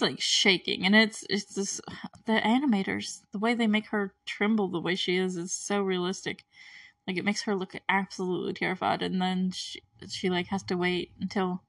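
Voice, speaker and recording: A woman's voice: mid-range voice, no echo, recorded from a distance. A young woman hosting a podcast, recapping a movie in a rambling, chatty way with frequent laughs and puzzled asides. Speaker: podcast host.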